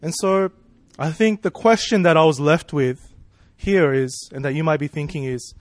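A man's voice: fairly high pitch, normal speed, no room sound. A man preaching a sermon in a casual, conversational way, asking rhetorical questions and checking in with "right?" and "you know".

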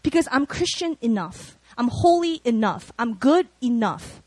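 A woman delivers a sermon mixed with personal stories, her voice pitched high and very lively in range. She talks casually and expressively, with plenty of fillers. The sound is dry and close. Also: measured pace, dry recording. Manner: animated, expressive, conversational with many fillers. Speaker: preacher.

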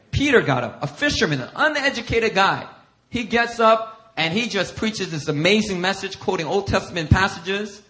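Animated man preaching a lively sermon. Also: high-pitched. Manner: animated, acts out quotes, laughs often. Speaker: pastor.

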